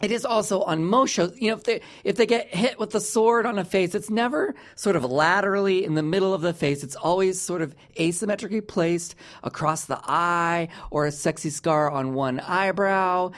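A man hosting a comedy podcast, talking in a playful, rambling, animated way. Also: high voice, moderate pace, few pauses. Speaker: podcast host. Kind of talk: casual comedic chat.

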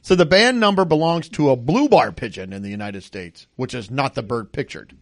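Animated man reading out odd news. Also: mid-range voice, fairly quick, dry recording. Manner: animated, reads news aloud with jokey asides. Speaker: radio show host. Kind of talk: casual banter reading news stories.

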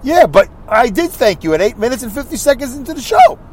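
A man hosting his own podcast, reading listener comments aloud in a rambling, animated way with mocking asides. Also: extremely high pitch, fast talker, breathy edge. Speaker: podcast host.

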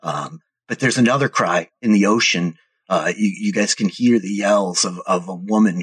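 A man narrating a tabletop game as game master, telling the scene slowly and descriptively. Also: on the low side, breathy edge. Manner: slow, descriptive storytelling.

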